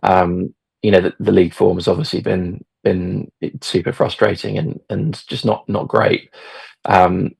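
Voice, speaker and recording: A middle-aged man tells a story in a relaxed, meandering way, full of fillers and restarts. His voice sits low and gravelly, with a husky edge. The recording is close and dry. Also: unhurried, no echo. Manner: hesitant, many fillers and restarts. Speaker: podcast guest, football fan. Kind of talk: casual storytelling.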